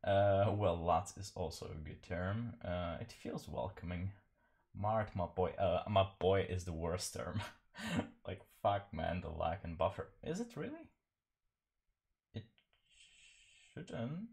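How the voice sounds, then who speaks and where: A man's voice: low voice, slow, creaky, a little mellow, slightly rough. A man chatting casually while painting on a live stream, rambling and self-deprecating, laughing often.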